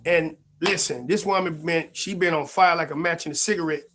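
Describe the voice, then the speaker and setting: High-voiced easygoing man hosting a show. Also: steady tone, brisk, background noise. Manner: easygoing, folksy, repeats "man" and "y'all". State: a little under the weather. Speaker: show host. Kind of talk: casual live-stream podcast intro.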